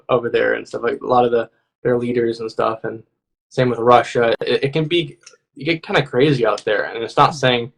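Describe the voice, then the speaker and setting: A man appearing as a guest channeler on a livestream, talking in a casual, rambling way with many fillers. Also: mid-range voice. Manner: rambling, filler-heavy, laughs often.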